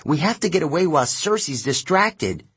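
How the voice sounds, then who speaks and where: A fierce, clever teenage heroine, voiced by a man reading aloud speaks sharp and commanding. The voice sits raised over a breathy husk, with a lively, swinging pitch. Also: normal speed, exaggerated voice.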